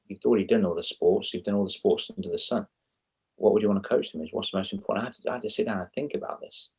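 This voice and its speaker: Husky low-voiced man chatting animatedly. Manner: animated and rambling, with self-mocking asides. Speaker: guest, children's confidence coach. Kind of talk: casual interview chat.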